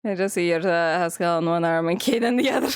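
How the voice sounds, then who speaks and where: A woman's voice: on the low side, fast talker, smooth, dry recording, clean studio sound. A young woman streamer in casual live-stream chat, rambling, giggling often and swearing freely.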